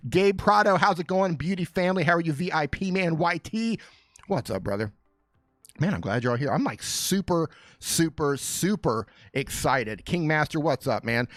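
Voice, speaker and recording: In a mid-range voice with no room sound, a man runs a casual live Q&A stream from a small studio. He jokes and greets viewers by name, sounding excited and fired up.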